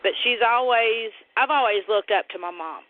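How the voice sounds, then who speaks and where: High-voiced man on a phone line. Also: moderate pace. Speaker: caller. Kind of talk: emotional phone conversation.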